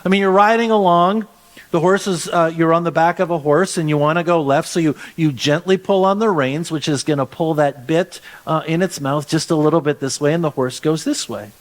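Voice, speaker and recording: A man's voice: fairly high pitch, brisk. A man pastor preaching a sermon in a conversational way, often restarting phrases and stretching words for emphasis.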